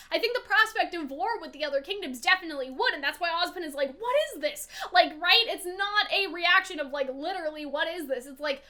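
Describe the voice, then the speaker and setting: A woman talks through her theories in loose, chatty streamer fashion, laughing and swearing as she goes. Her voice sits very high, with a bright, sharp edge. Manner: chatty, animated, laughs often, swears casually. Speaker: VTuber streamer. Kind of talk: casual analysis and discussion.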